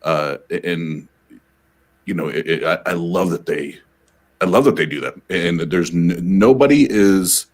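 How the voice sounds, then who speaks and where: A man's voice: deep voice, measured pace. A man in a casual podcast chat who stammers and repeats himself as he talks.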